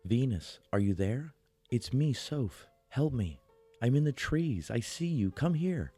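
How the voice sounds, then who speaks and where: A man's voice: medium pitch, sing-song, measured pace, dark tone, slightly rough, no room sound, soft background music, pitched above the performer's own voice. A man voicing a creature that mimics a young woman's voice, coaxing and then taunting, in a horror story.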